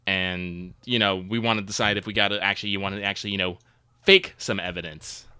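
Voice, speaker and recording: A player in a tabletop role-playing game who rambles and swears casually while planning. His voice is low yet sharply bright and very crisp, recorded dry and close. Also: steady tone, brisk, no echo.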